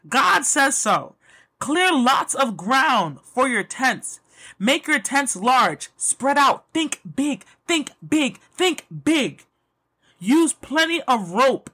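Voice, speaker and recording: Woman, devotional speaker, emphatic, repetitive, breathy voice, fairly high. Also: sharp tone. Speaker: Christian motivational speaker. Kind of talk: devotional pep talk and prayer.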